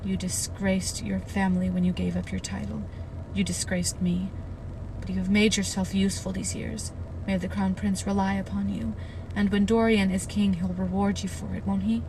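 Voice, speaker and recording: A woman's voice: medium pitch, level tone, normal speed, recorded from a distance, noisy background, natural voice. A woman voicing a cruel, cold, scheming noble father who taunts his son in a storybook reading. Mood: taunting. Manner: taunting, contemptuous.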